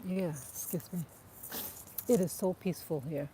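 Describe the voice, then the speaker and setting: A woman vlogging while out walking her dogs, chatting in a relaxed, reflective way with soft laughs. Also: fairly low pitch, moderate pace, a little hiss or hum. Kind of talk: casual outdoor vlog chat. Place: outdoors in a park. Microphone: clip-on mic, wind audible.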